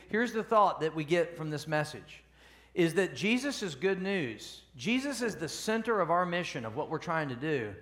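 Man, fairly high voice, pastor, easygoing sermon, asks the crowd questions. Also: a bit bright. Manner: casual, keeps asking the congregation questions. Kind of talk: conversational sermon. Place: church service.

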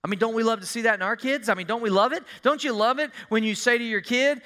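Preacher guy, folksy, keeps asking the crowd stuff, bright voice. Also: high-pitched, quick pace, few pauses, smooth. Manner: animated, folksy, asks the congregation questions. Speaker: pastor. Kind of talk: sermon.

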